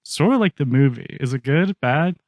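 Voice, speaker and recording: A man's voice: a little high, lively intonation, moderate pace, a little mellow, no echo, clean studio sound. A man co-hosting a podcast, telling stories in casual chat with a loose, swearing manner. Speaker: podcast co-host.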